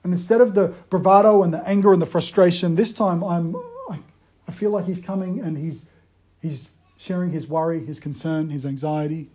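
The man preaching talks in a conversational way, his voice pitched high yet mellow and soft-edged, at normal speed with fairly even intonation. He moves back and forth between emphatic bursts and quiet, hushed retellings.

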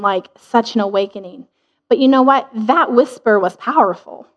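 A woman giving an informal devotional talk in an earnest, chatty way, laughing now and then between thoughts. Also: high-pitched. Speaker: speaker sharing a devotional. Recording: dull lo-fi sound.

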